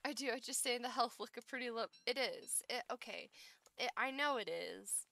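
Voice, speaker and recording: A woman's voice: on the high side, lively intonation, normal speed, vocal fry, bright, forceful tone. A young woman streaming a survival game, chatting playfully with her viewers and talking to herself as she plays. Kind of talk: casual gameplay chat.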